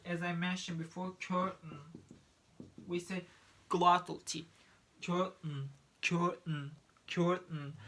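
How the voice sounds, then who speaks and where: Male pronunciation teacher, slow measured delivery, drills example words with frequent restarts. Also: high voice, fairly bright tone. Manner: repeats each example word several times, with many restarts. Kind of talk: pronunciation lesson.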